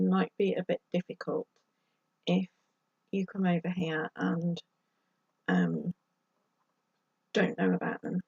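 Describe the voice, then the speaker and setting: A woman's voice: fairly low pitch, vocal fry, a little mellow, husky, no echo, muffled recording. A woman giving chatty advice to camera as a vlogger, with exasperated asides. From United Kingdom. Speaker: YouTube vlogger.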